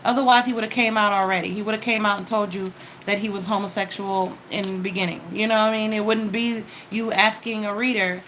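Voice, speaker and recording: A tarot card reader with a mid-range, fairly bright voice talks fairly quickly in a steady tone. She gives a casual reading straight to the viewer, offering advice and frequently checking in with "okay?" The low-quality recording has a little hiss or hum.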